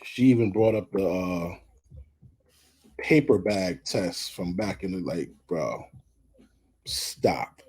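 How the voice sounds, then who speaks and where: Blunt, husky-voiced man ranting casually. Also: low-pitched, a little slow, long pauses, dark tone. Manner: blunt, profane, worked up, repeats himself. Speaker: commentary vlogger. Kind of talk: casual commentary.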